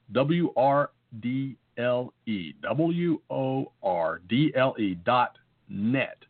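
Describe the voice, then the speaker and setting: A man co-hosting a podcast, chatting casually and joking, with lots of fillers. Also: mid-range voice. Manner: jokey, rambling, many fillers. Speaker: podcast co-host. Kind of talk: casual chat. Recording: phone-like narrow sound.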